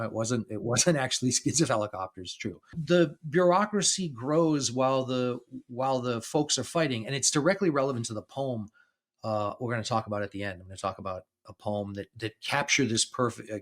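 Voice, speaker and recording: A man in his fifties hosting a podcast, talking casually, laughing often and restarting his sentences as he tells stories. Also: medium pitch. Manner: chatty storytelling, laughs often between phrases; restarts and repeats words. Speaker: podcast host. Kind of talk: casual conversation.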